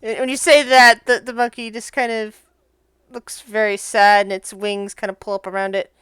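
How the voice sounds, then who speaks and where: A woman narrating as game master in a tabletop game, relaxed and halting, with frequent restarts. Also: medium pitch, clean tone, dry recording.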